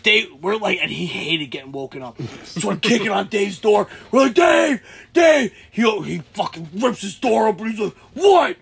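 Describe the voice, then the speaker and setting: A young man with a husky voice telling a rowdy story in casual chat, swearing freely and shouting out the quoted lines. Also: sits high, a little fast. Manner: animated, swears a lot, shouts when acting out quotes.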